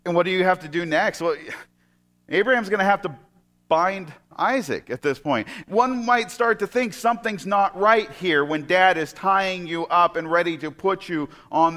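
A man preaching a sermon. He retells a scripture story and often drops into soft, hushed tones. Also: sits high, animated, moderate pace.

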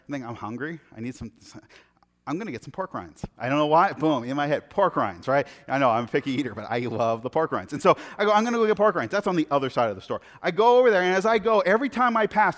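A man preaching a sermon, telling funny everyday stories in a chatty, animated way. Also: high-pitched. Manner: conversational, animated, self-deprecating anecdotes. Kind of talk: sermon with humorous storytelling. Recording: long hall reverb.

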